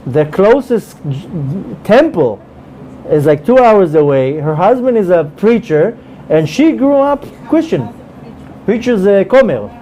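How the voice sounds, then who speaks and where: Male rabbi, high-pitched, warm tone, animated storytelling that hammers points home by repeating them. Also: unhurried, a little hiss or hum, rough recording. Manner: animated, repeats phrases for emphasis. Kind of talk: storytelling in a religious class.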